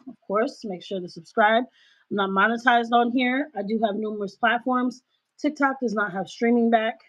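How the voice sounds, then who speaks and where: A woman hosting a casual livestream, talking loudly and emphatically into her cell phone. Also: medium pitch. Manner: loud, emphatic, ranting. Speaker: livestream host. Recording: dull cell-phone recording.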